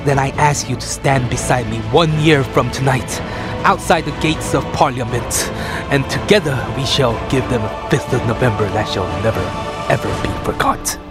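A man's voice: medium pitch, normal speed, loud music behind the voice, natural voice. A man doing an impression of a masked rebel, reciting a speech theatrically in a shaky English accent. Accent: attempted English. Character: masked male rebel orator. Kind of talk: comedic impression.

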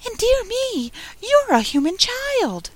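A gentle young fawn, as a woman reads her, speaks in a soft, sweet, high voice. She talks slowly and with wonder, her pitch lifting brightly and swinging widely. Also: wildly swooping pitch, no room sound, exaggerated voice. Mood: delighted. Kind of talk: storybook audiobook reading.

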